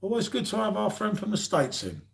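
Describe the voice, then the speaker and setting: A man's voice: high voice, huge pitch swings, brisk, gravelly. A man co-hosting a live beer stream, joking and bantering and calling everyone mate. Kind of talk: casual chat.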